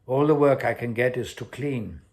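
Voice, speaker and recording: A man's voice: mid-range voice, normal speed, darkish tone, pitched above the performer's own voice, natural voice. A man putting on a blunt Colombian woman. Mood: earnest. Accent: Spanish-accented English. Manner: broken English, blunt and direct. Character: Colombian woman, exiled ex-lawyer turned cleaner, blunt.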